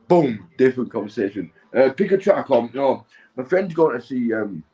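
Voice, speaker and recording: Husky, drunk bloke rambling. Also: male voice, medium pitch, darkish tone, poor audio. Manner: rambling, swearing, keeps asking "do you know what I mean". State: drunk and high. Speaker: livestream host. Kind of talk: rambling casual livestream chat. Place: at home on his sofa.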